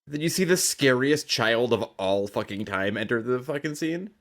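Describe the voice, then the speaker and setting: Male podcast co-host, mid-pitched, animated, profane jokester. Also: moderate pace. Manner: joking, profane, wry. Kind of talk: casual chat.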